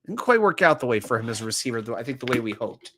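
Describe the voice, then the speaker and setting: A man's voice: medium pitch, racing. A man hosting a casual sports talk livestream, running trivia and reading viewer comments aloud with a joking manner. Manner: animated, reads viewer chat aloud and jokes. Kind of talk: casual live-stream chat running trivia.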